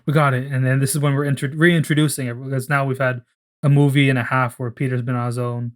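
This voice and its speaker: A man's voice: medium pitch, level tone. Rambling young man, casual talk. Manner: rambling, acts out characters in quick voices, swears freely. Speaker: podcast co-host. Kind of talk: casual chat, pitching a story.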